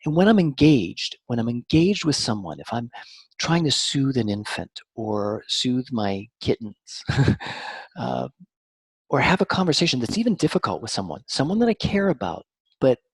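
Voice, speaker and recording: Man therapist guest, lively teachy explaining, husky voice, dry sound. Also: mid-range voice, dry recording. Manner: animated, teacherly, varies intonation on purpose. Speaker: mind-body therapist guest. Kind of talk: explanatory interview talk.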